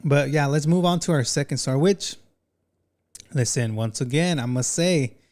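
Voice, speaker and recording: A man hosting a casual reaction commentary, animated and talking straight to his chat. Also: on the high side, moderate pace. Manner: animated, talks to chat, says "bro" often. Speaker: commentary channel host.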